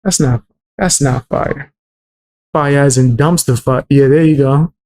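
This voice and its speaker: A man's voice: mid-range voice, a little slow, darkish tone. A man reacting to music clips on a stream, blunt and mocking, swearing often. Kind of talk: casual reaction stream commentary.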